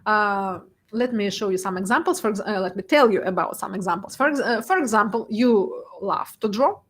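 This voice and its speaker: A woman's voice: mid-range voice, animated, a little fast. A young woman giving a presentation talk, laughing often and emotional, with many fillers and restarts. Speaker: guest speaker, data artist.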